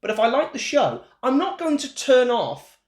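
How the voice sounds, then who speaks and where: A man's voice: very high voice, normal speed. A man co-hosting a casual wrestling chat, opinionated and leading each segment as he asks his co-host for scores. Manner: animated, opinionated, leads the segments. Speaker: podcast co-host. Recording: echoey room.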